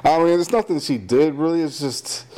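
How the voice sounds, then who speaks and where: A man's voice: fairly high pitch, moderate pace, mellow. A man co-hosting a podcast in casual chat, crude and grumbling, with short mumbled asides. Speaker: podcast co-host.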